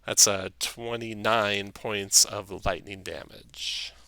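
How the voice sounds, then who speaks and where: A man running a tabletop game as dungeon master, brisk and quick to laugh. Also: on the low side, steady tone, bright, forceful tone. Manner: brisk, laughs often, slips into quick character voices.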